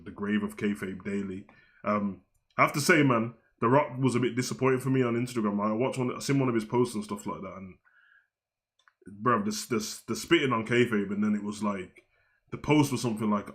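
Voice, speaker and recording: A man's voice: lowish voice, a bit bright. A young man, hosting a wrestling talk show in a slangy, heated, rambling rant. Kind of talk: ranting casual commentary.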